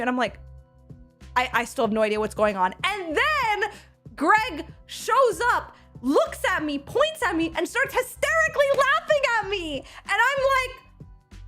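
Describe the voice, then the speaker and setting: A young woman streamer casually telling a story to her chat, animated and laughing, full of quick restarts and acted-out quotes. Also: very high voice, soft background music. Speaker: streamer recounting an event.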